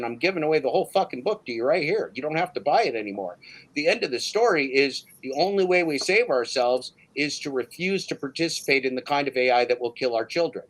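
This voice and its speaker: Ranting hard during a casual livestream chat, the male host keeps repeating his listener's name for emphasis. He speaks at a medium pitch, and the recording quality is rough.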